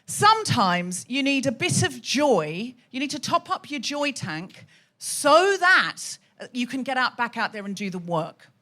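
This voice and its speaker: Lively, teasing woman hosting a comedy show. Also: high voice, unhurried, hardly any pauses. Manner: chatty, teasing crowd work. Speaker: comedy podcast host. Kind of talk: live stand-up hosting to an audience. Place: hot theatre stage with a live audience.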